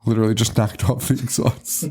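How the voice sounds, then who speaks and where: Fairly quick and fairly even in intonation, this man's low, dark voice carries a casual podcast movie recap. As a co-host he laughs plenty, curses, and acts out scenes with mock quotes.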